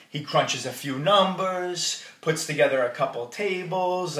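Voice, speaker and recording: A man's voice: fairly high pitch, normal speed, few pauses. A man giving a wedding toast, telling jokey stories about the groom. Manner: storytelling, jokey and warm toward the groom. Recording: roomy hall audio from a distance.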